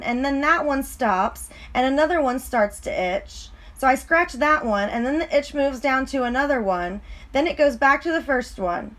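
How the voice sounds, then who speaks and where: A woman's voice: high-pitched, fairly bright tone, voice pushed up. A woman voicing a whining, complaining schoolgirl in a storybook reading. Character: whiny itchy schoolgirl.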